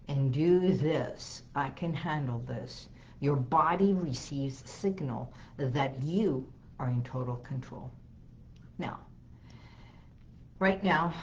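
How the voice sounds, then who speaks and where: A woman hypnotherapist hosting a talk, slowly guiding listeners through calming phrases and breathing, often repeating soothing lines. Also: low-pitched, dull audio. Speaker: hypnotherapist host.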